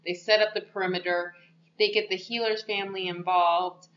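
Woman, podcast co-host, casual movie recap, lively storytelling, echoey, muffled lo-fi sound. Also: lowish voice, moderate pace. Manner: animated, laughs often, acts out characters' lines. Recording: dull echoey room recording.

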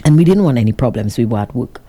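A woman vlogger telling her viewers a dramatic story, with an animated, expressive delivery. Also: very deep voice, fast talker, slightly rough. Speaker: vlogger working with a cameraman.

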